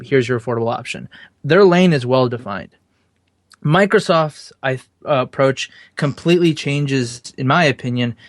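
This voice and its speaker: A man's voice: mid-range voice, dry recording, clean studio sound. A man co-hosting a podcast, laying out his views in long explanatory turns in casual talk. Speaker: podcast co-host.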